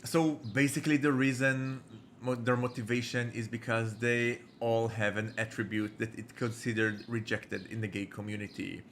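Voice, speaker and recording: A man giving joking, rambling let's-play commentary with halting restarts. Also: mid-range voice, little pitch movement, fairly bright tone, a little hiss or hum. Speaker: game streamer.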